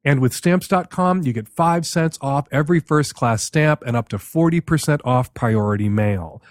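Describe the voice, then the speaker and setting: A male advice-show host with a mid-range voice and normal speed reads an ad, then questions a caller emphatically and skeptically while giving commentary. The recording is dry and studio quality.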